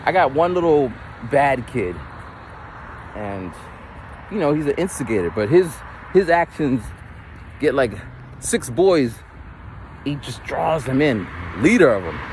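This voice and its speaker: Animated man telling stories on a walk. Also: a little slow, long pauses, slight background noise, low-quality recording. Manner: animated, mimics voices with big pitch jumps. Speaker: teacher. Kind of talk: casual storytelling while walking. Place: outdoors on a street. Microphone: phone camera held while walking.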